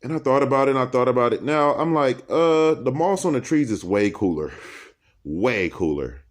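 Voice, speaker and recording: A man vlogging alone in a dark room by candlelight, rambling from topic to topic and laughing as he talks. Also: medium pitch, normal speed. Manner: animated, laughing, jumps between topics. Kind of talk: rambling stream-of-consciousness monologue.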